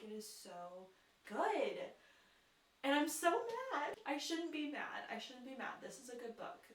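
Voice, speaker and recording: A woman's voice: medium pitch, a bit bright, far from the mic. A chatty woman talking to camera from her couch, gushing and exasperated in the same breath and peppering every sentence with "like". Her voice sits a little away from the mic and bounces around a hard, echoey room. A faint hiss hangs underneath. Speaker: book vlogger. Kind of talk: casual chat to camera. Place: living room at home, on the couch.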